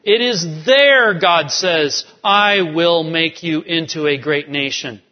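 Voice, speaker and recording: A man's voice: fairly high pitch, slow. A man preaching a sermon as pastor, emphatic, with sudden drops to near-whispers. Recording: dull sound in a long-reverb hall.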